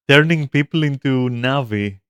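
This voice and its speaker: A man's voice: medium pitch, bright, forceful tone, slightly rough, no echo, studio quality. A man giving casual gameplay commentary as a streamer, rambling, swearing freely and filling his talk with "like" and "you know". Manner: rambling, profane, with frequent fillers.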